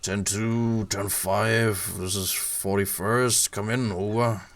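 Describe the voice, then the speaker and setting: A man's voice: fairly low pitch, steady tone, slow pace. A man with a German accent voicing a formal police radio operator who talks in clipped radio codes.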